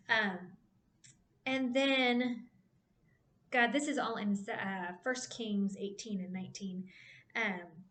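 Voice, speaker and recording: A woman giving a casual devotional Bible talk, retelling the stories in a chatty, animated way and checking in with "right?". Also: mid-range voice, slow, long pauses. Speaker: Bible study speaker. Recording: roomy echo.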